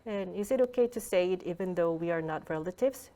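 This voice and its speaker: A woman's voice: on the low side, brisk, warm tone. A woman teaching a language workshop over a video call, explaining patiently with frequent fillers and restarts. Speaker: Korean language lecturer. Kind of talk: online workshop lecture. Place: online video call lecture.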